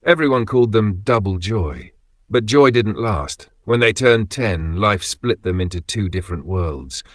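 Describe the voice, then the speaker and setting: Deep-voiced man telling a dramatic story. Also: lively intonation, fairly bright tone, no room sound, clean studio sound. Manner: dramatic, with short measured phrases. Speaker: narrator.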